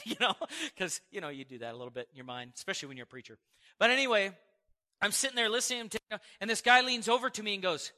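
A man in his forties preaching a sermon to a congregation, animated and storytelling, with chuckles and acted-out quotes. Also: sits high, fast. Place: church service before a congregation.

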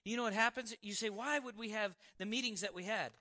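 A man preaching a sermon and telling a personal testimony, animated, with quick asides and frequent laughs. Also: high voice. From Montana, United States.

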